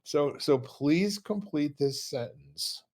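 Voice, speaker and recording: A man's voice: a little high, expressive, takes it slowly, a little mellow. A man hosting a casual interview, paraphrasing his guest's answers thoughtfully and adding light jokes. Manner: reflective, paraphrasing, joking. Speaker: interviewer, host.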